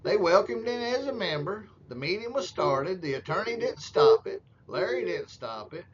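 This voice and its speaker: Over meeting footage, a man with a high voice and big pitch swings delivers crude, sarcastic running commentary at a moderate pace, drawling, mocking the people he watches and putting on voices for them. A crowd can be heard behind him, and the audio is dull and lo-fi with faint hiss.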